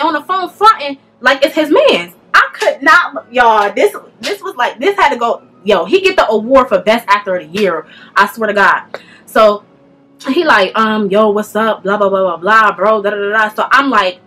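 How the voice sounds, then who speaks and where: A young woman telling a casual storytime, animated and speaking straight to her viewers. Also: a little high, normal speed, soft background music. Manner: animated, addresses viewers directly, slangy.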